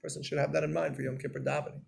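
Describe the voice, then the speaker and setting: A man giving a Torah class in a storytelling way, acting out scenes and getting loud and animated. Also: fairly high pitch, rapid-fire, creaky, a little hiss or hum.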